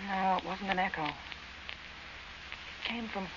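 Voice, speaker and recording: A woman playing a hushed, frightened young camper on old radio. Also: medium pitch, steady tone, measured pace, lo-fi sound, lightly acted. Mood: puzzled. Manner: hushed, uneasy. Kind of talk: 1940s radio drama acting. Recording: hissy old radio recording, slightly distant.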